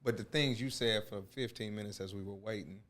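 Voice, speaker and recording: A man's voice: fairly low pitch, brisk, a bit bright. A man from Detroit, a basketball coach and author, telling his life story in an earnest, casual way and often saying "you know.". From Detroit, USA. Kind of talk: casual interview talk.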